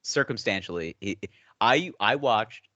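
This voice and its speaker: A low-pitched man with a lively, swinging delivery, chatting casually on a podcast. He tells stories with energy and slips into quoted voices. The sound is dry and close. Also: unhurried, no echo, highs cut off. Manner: animated storyteller who acts out quotes and laughs often. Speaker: podcast co-host. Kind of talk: casual chat.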